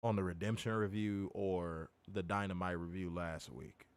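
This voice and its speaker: A man's voice: sits low, fairly even intonation, moderate pace, clean tone. A man hosting a wrestling review, ranting emphatically with frequent swearing and mockery. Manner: emphatic, profane, mocking. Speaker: podcast host reviewing wrestling.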